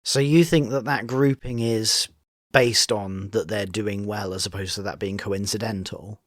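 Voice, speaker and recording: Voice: sits low, unhurried, no room sound, clean studio sound. A co-host of a reaction podcast about a reality show, chatting casually with wry, opinionated remarks. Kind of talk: casual chat.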